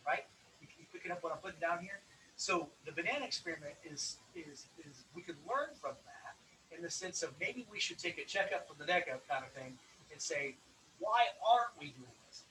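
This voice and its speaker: A man's voice: fairly high pitch, lively intonation, a little fast, bright, forceful tone. Guy doing a business seminar talk, chatty storyteller, kinda far from the mic w a little hiss. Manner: conversational, storytelling, frequent restarts. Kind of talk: motivational business lecture.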